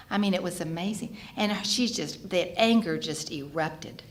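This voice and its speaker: Animated woman telling her story. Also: on the low side, normal speed, few pauses. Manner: animated storytelling, acting out other voices, emotional. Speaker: speaker sharing her recovery story. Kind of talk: personal testimony at a fellowship gathering. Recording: echoey hall with faint background noise.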